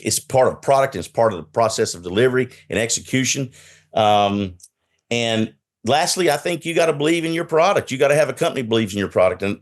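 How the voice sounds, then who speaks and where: Southern guy, middle-aged, straight-talking and sure of himself, interview over a video call. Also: on the low side. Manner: direct, confident, storytelling with quoted dialogue. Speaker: guest, enterprise salesperson. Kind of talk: casual podcast interview.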